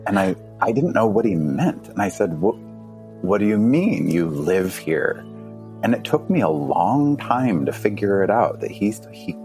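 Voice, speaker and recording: A podcast guest tells a story in a relaxed, lively way. He laughs often, and his pitch jumps up whenever he acts out his younger self.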